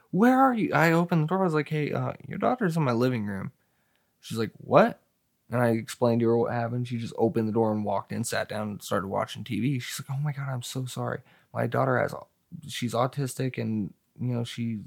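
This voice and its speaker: A man's voice: medium pitch, gravelly. A man chatting casually and telling stories in a profane, slangy way. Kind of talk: casual chat.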